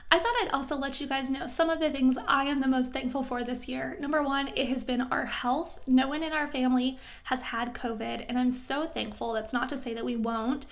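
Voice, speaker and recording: Young woman vlogging, high voice, soft and comforting, kinda emotional. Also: fairly even intonation, fairly quick, gravelly, few pauses. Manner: gentle, reassuring, emotional. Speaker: lifestyle vlogger. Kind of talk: heartfelt talk to camera.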